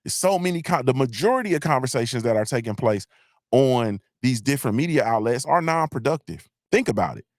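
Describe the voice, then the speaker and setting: This livestream host has a mid-range voice and an animated, fairly quick delivery, captured in clean studio sound without echo. Hosting a live morning show, he gives casual motivational talk, blunt and emphatic, cursing freely, repeating himself, and often asking "you feel me?".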